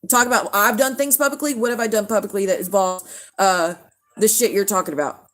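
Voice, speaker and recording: A woman's voice: mid-range voice, fairly quick, fairly bright tone. A woman hosts a casual livestream. She rants in a heated way, swears often and calls out viewers by name. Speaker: livestream host.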